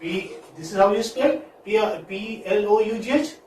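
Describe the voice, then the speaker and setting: A man's voice: high-pitched, darkish tone, slight background noise. A male teacher, giving a phonetics lesson in a classroom and prompting students with repeated questions. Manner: slow, drawn-out, coaxing students with repeated questions. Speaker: English teacher. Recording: echoey classroom from far off.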